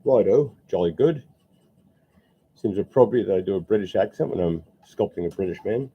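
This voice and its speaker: A man's voice: deep voice, fast talker, slightly rough. A man chatting casually on a live stream as he sculpts, often muttering asides to himself in an indoor workspace. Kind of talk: casual live-stream chat while working. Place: indoor workspace under air conditioning vents. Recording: dull lo-fi stream audio.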